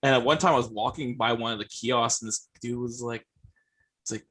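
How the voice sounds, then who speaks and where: A man's voice: mid-range voice, a little fast, a bit bright, husky. A man chatting casually as a podcast guest, laid-back, swearing freely and acting out the people he quotes. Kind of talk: casual chat.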